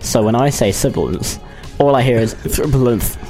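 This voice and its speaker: A man's voice: medium pitch, expressive, moderate pace, over music. British man with a lisp. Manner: chatty, rambling, jokey. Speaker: radio co-host. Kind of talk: casual chat.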